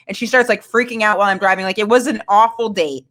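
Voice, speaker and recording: A woman's voice: mid-range voice, quick pace, few pauses, fairly bright tone. Rambling woman telling a dating story. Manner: rambling, filler-heavy, self-mocking. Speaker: guest comedian. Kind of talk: candid storytelling.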